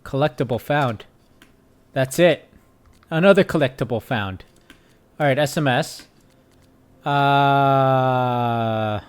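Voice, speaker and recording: A man gives relaxed let's-play commentary at an ordinary middle pitch, chatting and reading game lines aloud. Keyboard clicks can be heard behind him. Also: takes it slowly, pauses often, clear, resonant tone. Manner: casual, chatty, reads game text aloud. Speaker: gaming YouTuber.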